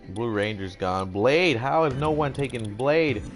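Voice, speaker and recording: A man's voice: mid-range voice, unhurried, faint music behind. A young man commentating a video game draft in a casual, playful way, acting out the teams' reactions. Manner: animated, playful, acts out brands in voiced quotes, swears casually. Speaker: gaming commentator.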